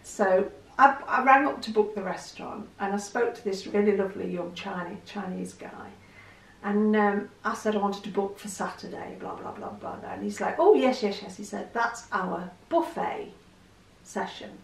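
A middle-aged woman talks candidly to the camera and pokes fun at herself. Her voice has a gravelly rasp, and she sounds a little distant in an echoey room. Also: medium pitch, fairly even intonation, normal speed. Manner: chatty, candid, self-deprecating. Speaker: vlogger. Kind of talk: casual chat to camera.

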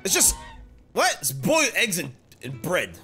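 A man's voice: sits high, wildly swooping pitch, measured pace, pushed and bright. A man doing jokey, mocking playthrough commentary over a video game. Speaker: gamer. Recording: game audio with music behind.

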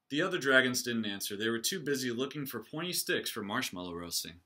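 Bright, animated man reading a picture book. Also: mid-range voice, brisk, few pauses. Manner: animated storytelling. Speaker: reader, teacher.

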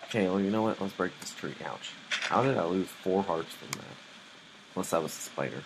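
A man's voice: low voice, expressive, moderate pace, background noise. A young man commentating his own live gameplay, easily startled and muttering nervously to himself. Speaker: gamer playing live.

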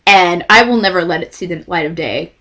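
A woman's voice: lowish voice, a little fast. A young woman from Texas telling a story to camera in a casual vlog, acting out what others said. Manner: animated, acts out the voices of others in her story. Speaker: vlogger.

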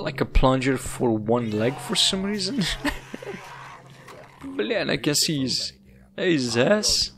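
A young man gives loose let's-play commentary, rambling and swearing as he plays. His voice has a gravelly, creaky edge, and a little music plays behind him. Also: medium pitch. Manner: rambling, swearing, laughing at the game. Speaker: gaming YouTuber.

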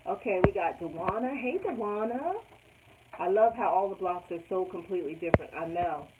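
A woman hosts a casual live stream for her quilting channel, reading viewers' comments aloud and laughing often. Her medium-pitched voice is expressive and brisk, and the recording sounds tinny, like a phone, with loud background noise.

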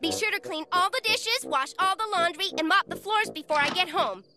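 A woman's voice: very high voice, wildly swooping pitch, fairly quick, exaggerated voice. A woman voicing a perky, sing-song young girl character in a children's cartoon. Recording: music playing under voice.

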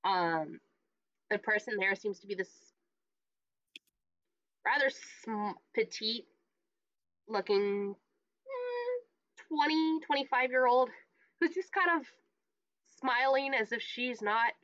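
A woman narrating a tabletop horror game as game master, halting with many restarts and quick laughs. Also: a little high, a bit bright, no room sound, muffled recording.

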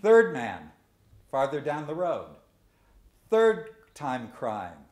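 A man giving a lecture to students, telling stories and jokes at a deliberate pace. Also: fairly high pitch, huge pitch swings. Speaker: guest speaker. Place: lecture hall. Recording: echoey lecture room.

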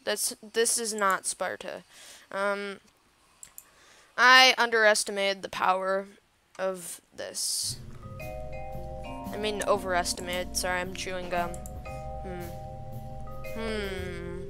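This woman's voice is medium-pitched and fairly even, slow, with long pauses. Hosting a gaming channel, she narrates a let's-play at her computer, chatting to herself and thinking aloud as she builds, getting exasperated along the way, over game music.

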